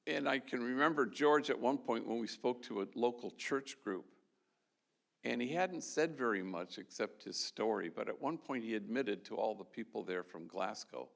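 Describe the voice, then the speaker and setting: In an event hall with a live audience, a man who is a Jesuit priest delivers an award talk full of loosely told, conversational stories and frequent restarts. He speaks at normal speed in a creaky, mid-range, fairly bright voice.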